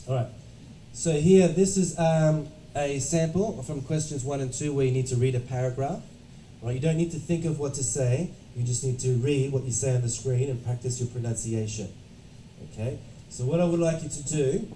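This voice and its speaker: Male teacher, instructive and repetitive, warm dark voice, recorded far off with faint room hum. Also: medium pitch, moderate pace. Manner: instructive, repeats "right?" to check understanding. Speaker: English test-prep teacher. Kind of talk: classroom lecture. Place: classroom. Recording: roomy classroom from a distance.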